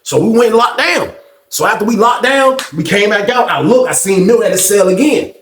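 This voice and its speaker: A man's voice: high voice, a little fast. A man telling a story in a casual, slangy way, acting out the dialogue as he goes. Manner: animated, slangy, acts out dialogue. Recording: echoey room.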